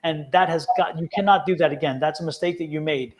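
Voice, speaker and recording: A man with a fairly high voice reads tarot cards for someone. He is careful and encouraging, and he sometimes stumbles as he picks his words. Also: steady tone, quick pace, muffled recording. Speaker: tarot reader. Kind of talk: casual spiritual advice during a live reading.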